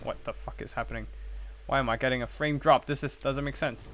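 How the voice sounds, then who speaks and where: A man's voice: medium pitch, fairly even intonation, brisk, a bit bright, soft background music. A man casting a live strategy game tournament, chatting with viewers between play-by-play calls. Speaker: tournament caster and streamer.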